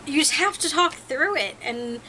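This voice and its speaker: A woman's voice: high-pitched, expressive, moderate pace, pushed and bright, a little hiss or hum, low-quality recording. A young woman talking frankly to the camera in a rambling, self-mocking way. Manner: rambling, frank, laughs at herself. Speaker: vlogger. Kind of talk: casual talk to camera.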